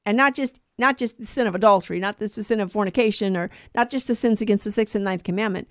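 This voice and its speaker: A woman's voice: medium pitch, quick pace, no echo, studio quality. A woman co-hosting a podcast, explaining a gospel reading in casual chat, digressing and correcting herself as she goes. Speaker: podcast co-host teaching scripture.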